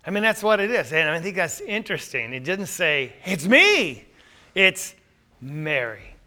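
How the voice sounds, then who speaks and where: High, bright-voiced male Bible teacher. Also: big pitch swings, moderate pace. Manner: conversational, with rhetorical questions.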